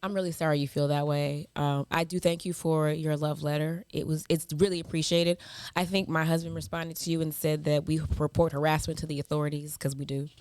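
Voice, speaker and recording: A woman's voice: low-pitched, level tone, a little fast, darkish tone, no room sound. Sassy woman reading hate mail, dry sound. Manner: sassy, mocking clapbacks with laughter. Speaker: podcast co-host. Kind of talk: casual chat, reading hate mail aloud.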